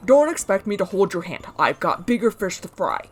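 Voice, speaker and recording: A woman voicing a bossy, overworked male head chef in a video game, talking brusquely and loudly. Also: medium pitch, big pitch swings, a little fast, soft background music, lightly acted.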